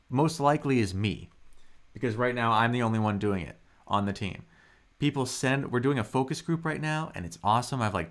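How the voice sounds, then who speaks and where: A man teaching Mandarin pronunciation on a live stream, upbeat and encouraging as he drills words and tones. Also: mid-range voice. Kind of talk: live-streamed language lesson.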